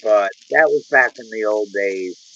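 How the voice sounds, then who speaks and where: An American man chatting casually on a stream in a slow, easygoing way. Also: on the low side, sharp tone, muffled recording, a little hiss or hum. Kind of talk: casual chat.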